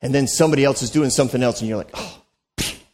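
A man's voice: medium pitch, very fast, darkish tone. A man preaching a sermon as a pastor, in a conversational, joking way, acting out the voices he quotes.

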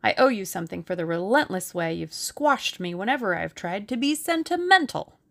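A woman's voice: medium pitch, very animated, normal speed, creaky. A woman doing a bossy, brash young Englishman. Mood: teasing. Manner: forceful, bossy bursts. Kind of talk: audiobook character reading.

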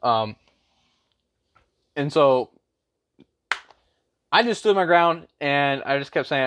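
A man's voice: on the high side, expressive, slow pace, long pauses, fairly bright tone, clear, resonant tone. Rambling young man telling a story. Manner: rambling, with frequent fillers and slang. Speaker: vlogger. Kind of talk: casual storytime rant.

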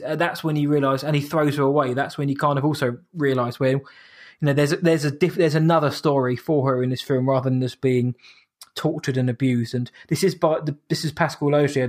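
A man, co-hosting a casual podcast chat and rambling through a film recap with frequent restarts. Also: medium pitch. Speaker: podcast co-host reviewing a horror film.

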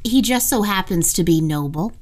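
A woman co-hosting a casual podcast, enthusiastic and quick to laugh. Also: mid-range voice, lively intonation, a little mellow. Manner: giggly, enthusiastic, exclamatory. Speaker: podcast co-host.

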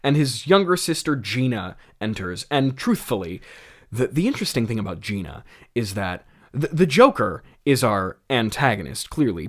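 Young male host, casual commentary, animated voice, lots of restarts. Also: medium pitch. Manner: rambling, self-mocking, many restarts and laughs. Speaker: podcast host. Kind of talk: casual commentary on his old script.

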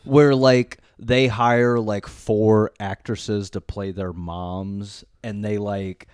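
This young man co-hosts a podcast from a living room, speaking slowly in a fairly low, clear, resonant voice with little pitch movement and a slightly mellow quality. The studio mic gives clean sound with no echo, and his casual chat rambles, full of filler words and frequent swearing.

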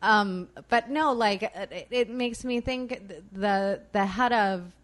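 A woman in casual conversation, playful and self-mocking, speaking haltingly with restarts. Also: mid-range voice.

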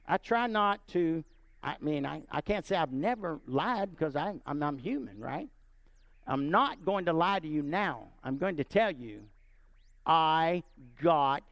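A man preaching and telling a personal story, animated and often checking in with his listeners. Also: high-pitched, no echo. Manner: animated, asks the audience often. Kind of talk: sermon storytelling.

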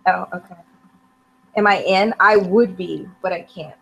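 A woman's voice: lowish voice, unhurried, gravelly, breathy edge, low-quality recording. A woman as a podcast guest in casual chat, hesitant and thinking aloud over a remote call.

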